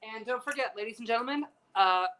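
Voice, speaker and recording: A man's voice: extremely high pitch, fast, rough recording. A man hosting a casual chat show from a piano bar, telling stories in a campy, chatty way, swearing freely and acting out the people he quotes. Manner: chatty, campy and profane, with animated quoted voices. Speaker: host.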